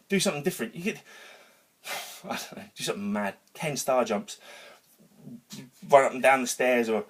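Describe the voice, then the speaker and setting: A man giving an energetic, rambling motivational talk to camera in his home garage gym, worked up after a workout and swearing casually. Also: a little high. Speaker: vlogger.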